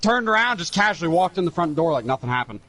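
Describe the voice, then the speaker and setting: A young man chatting over a video game, telling rambling, profane childhood anecdotes with lively quoted voices. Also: on the high side, fast talker. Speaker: gamer telling stories. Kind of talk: casual chat over gameplay.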